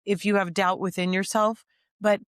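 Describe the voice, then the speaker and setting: A woman's voice: mid-range voice, level tone, normal speed, dry recording, studio quality. A woman podcast host in casual interview chat, speaking thoughtfully and building on her guest's points.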